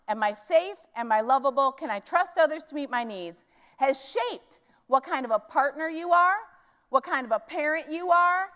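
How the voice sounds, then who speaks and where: High-pitched midwest lady telling stories at a keynote, big hall with long echo. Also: fairly bright tone. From Minneapolis, US Midwest. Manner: storytelling, asks the audience "right?" often. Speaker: conference keynote speaker. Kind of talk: keynote talk. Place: conference hall stage. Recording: large hall with long reverb.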